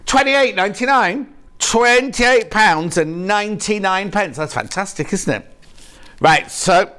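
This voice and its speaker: A man's voice: high-pitched, animated, measured pace, bright, forceful tone, smooth. Chatty man presenting on a shopping channel. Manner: chatty, jokey, reads viewer messages aloud. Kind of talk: live TV sales chat. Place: TV studio.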